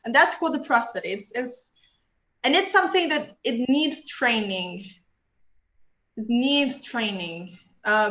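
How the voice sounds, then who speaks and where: A woman's voice: on the high side, sharp tone. Woman teaching in an echoey room. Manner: chatty, explanatory, frequent fillers. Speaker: workshop instructor. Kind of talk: online workshop teaching. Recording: echoey, dull lo-fi sound.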